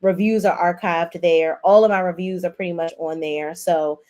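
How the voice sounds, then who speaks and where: A woman in her forties hosting a casual livestream, recapping a drama episode and speaking directly to viewers in a chatty, animated way. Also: lowish voice, normal speed. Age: 40s. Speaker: host. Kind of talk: casual livestream show review.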